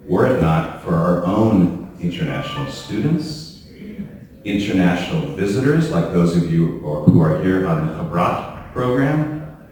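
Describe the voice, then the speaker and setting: Guy giving a formal speech, lowish voice, super echoey hall, sounds far off from the mic. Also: a little mellow. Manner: earnest, rhythmic lists and repetition. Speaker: university leader giving a speech. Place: large hall at a reception.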